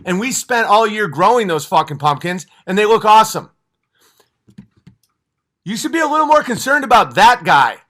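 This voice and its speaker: A man hosts a livestream with a high, bright, forceful voice. He rants with heat, swearing freely and rambling between points. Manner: passionate, profane, rambling. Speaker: livestream host. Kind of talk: heated livestream rant.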